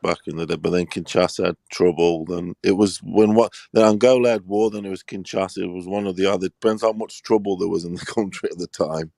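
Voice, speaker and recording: A man in casual chat, telling a story at an unhurried pace. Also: low voice, fairly even intonation, creaky, warm tone, no room sound. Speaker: panel guest.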